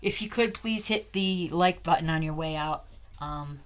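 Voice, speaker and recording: A woman's voice: deep voice, a little slow. A woman hosting a casual livestream from home into a desk microphone, candid and chatty, often breaking off to talk to her dog. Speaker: livestream host. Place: at home indoors.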